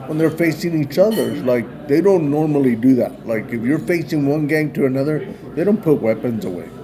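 A man's voice: on the high side, lively intonation, brisk. A man casually retelling a story in a loose, rambling way, peppered with "man" and "like". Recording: busy crowd chatter behind.

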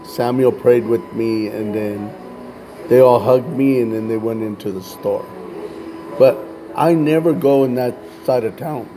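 A man telling a religious testimony as a story, halting and often repeating words as he goes. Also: mid-range voice, warm tone, low-quality recording. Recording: music playing behind voice.

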